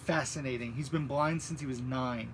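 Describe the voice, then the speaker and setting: A man co-hosting a movie live stream, chatting in a relaxed, hesitant way and reading out viewer questions. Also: mid-range voice, normal speed, slight background noise.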